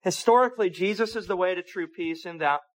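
Guy preaching a sermon, kinda high voice, asks "right?" a lot, repeats himself. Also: brisk. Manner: conversational preaching with rhetorical questions and repeated words.

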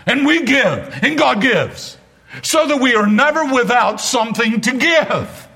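A man's voice: very high-pitched, big pitch swings, unhurried, vocal fry, pushed and bright, husky. A man preaching a sermon as pastor, driving points home with emphatic repetition and wry asides.

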